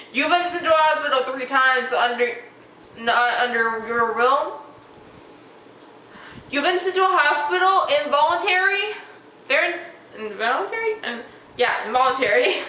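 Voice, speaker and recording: A woman's voice: high voice, pushed and bright. A young woman telling a story on her vlog, worked up and emotional as she retells an argument. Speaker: vlogger. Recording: echoey room with faint noise.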